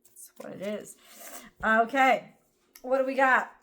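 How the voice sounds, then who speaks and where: A woman's voice: a little high, unhurried, pushed and bright, slight background noise. A woman giving a casual tarot reading to camera. She sounds tired and rambles as she thinks aloud, with many fillers. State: tired, yawning. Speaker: tarot reader.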